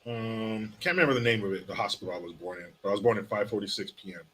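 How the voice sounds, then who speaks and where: A man's voice: on the low side, quick pace, fairly bright tone, breathy edge. A man hosting a casual live stream, reading viewer comments aloud with joking, sarcastic asides. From California. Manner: joking, sarcastic, reads chat names aloud.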